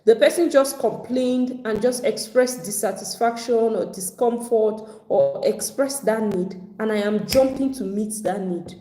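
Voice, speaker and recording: A woman's voice: on the high side, measured pace, few pauses, warm tone. A woman teaching a live online personal finance class, speaking conversationally and acting out other people's complaints. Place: home at evening, video call. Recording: echoey room.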